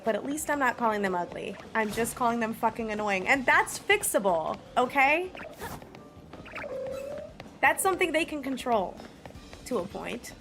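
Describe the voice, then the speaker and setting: Woman streamer chatting to her chat, kinda high voice, swears a lot, laughs easy. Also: lively intonation, moderate pace, long pauses, over music. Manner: blunt, swears freely, laughs often. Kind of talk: casual live-stream chat, answering chat.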